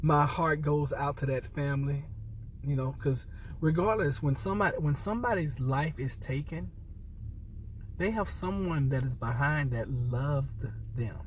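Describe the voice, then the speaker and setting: A man's voice: fairly high pitch, measured pace, recorded from a distance, a little hiss or hum. An upset man, a military veteran, speaking earnestly to viewers, repeating himself and restarting phrases as he holds back tears. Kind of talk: impassioned personal commentary to camera.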